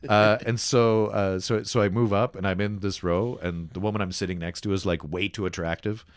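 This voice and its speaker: A Canadian man, a comedian guest, telling lively anecdotes in casual podcast chat and acting out other people's lines. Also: lowish voice, a little fast, dry recording.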